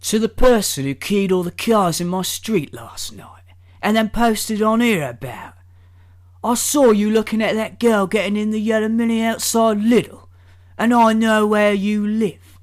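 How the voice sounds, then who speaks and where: A man's voice: high-pitched, measured pace, voice pushed up. A man voicing a menacing male Cockney tough in a put-on Cockney accent, drawling out a threat.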